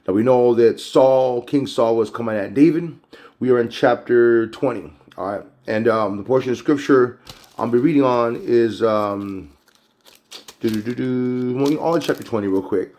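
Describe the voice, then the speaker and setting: A man's voice: medium pitch, moderate pace, a little mellow. A man teaching a casual Bible chapter recap, conversational and a bit preachy.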